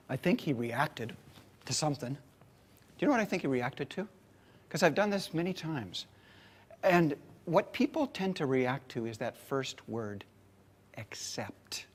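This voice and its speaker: A middle-aged man giving a motivational keynote, telling a story with dramatic pauses. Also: high voice, a bit bright. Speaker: keynote speaker.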